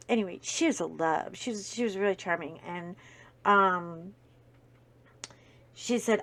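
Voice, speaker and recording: A woman chats casually while she works on a craft project. She tells a long anecdote in an animated way, with many fillers and acted-out quotes. Her pitch sits in the middle for a woman. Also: unhurried, long pauses. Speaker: video host. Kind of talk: casual storytelling while diamond painting.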